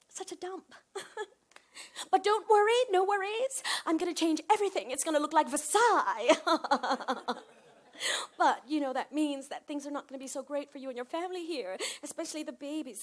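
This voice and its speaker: A woman voicing a snobbish older homebuyer with a Jamaican accent, patronizing and boastful, who turns shrill. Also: close to an everyday voice.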